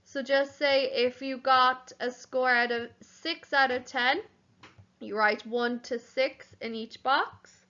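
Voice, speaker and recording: A woman primary school teacher giving a home learning lesson, spelling words out slowly letter by letter. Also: a little high, pushed and bright, lo-fi sound.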